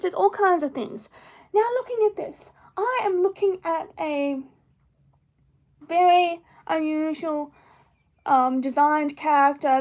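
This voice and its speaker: A woman chatting on a live stream from a room at home, rambling, full of restarts and playful tangents. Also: very high-pitched. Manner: playful, drifts between topics. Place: indoor room at home with plush toys. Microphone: phone.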